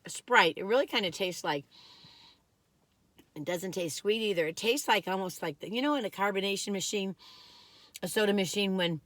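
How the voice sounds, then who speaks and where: A woman's voice: mid-range voice, moderate pace, pauses often, a bit bright, no room sound. A chatty woman vlogging a food taste test, rambling as she eats and laughing often. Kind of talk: casual chat.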